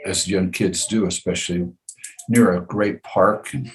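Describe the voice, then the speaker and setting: Low-voiced male guest; earnest, folksy, measured storyteller. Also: fairly even intonation, low-quality recording. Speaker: podcast guest. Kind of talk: personal storytelling in an interview.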